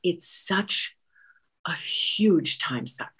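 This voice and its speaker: A woman's voice: on the low side, expressive, extremely slow, fairly bright tone, slightly rough. A middle-aged woman performing a chatty, exasperated comic monologue aimed at the divine, with whispered asides. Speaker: comedic monologist.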